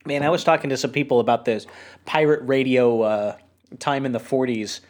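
A man from New Hampshire, co-hosting a podcast in a rambling, animated casual chat full of fillers. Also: mid-range voice, normal speed. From New Hampshire, USA. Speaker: podcast co-host.

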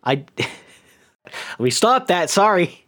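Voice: mid-range voice, big pitch swings, extremely slow, fairly bright tone. A podcast host in casual chat, rambling with lots of hesitations and frequent giggles.

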